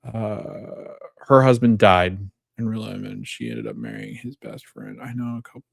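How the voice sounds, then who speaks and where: A man's voice: lowish voice, sing-song, moderate pace, vocal fry, no echo, studio quality. A man hosting a podcast, retelling a TV episode in a casual, rambling way and often correcting himself. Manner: rambling, self-correcting, chuckles while retelling scenes. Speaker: podcast host.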